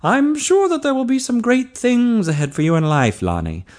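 A man voicing a kindly middle-aged male prison doctor in an audiobook, speaking gently and encouragingly. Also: extremely high pitch, very animated, moderate pace, pitched above the performer's own voice.

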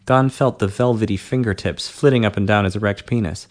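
A man narrating a story in a steady, measured audiobook reading. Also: lowish voice.

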